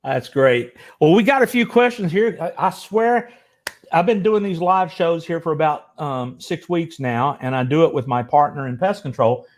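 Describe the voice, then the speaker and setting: Enthusiastic male host, slightly high voice, casual and stumbling. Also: animated, normal speed. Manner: chatty, restarts often, enthusiastic. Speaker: host of a live show. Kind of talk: casual live-show chat.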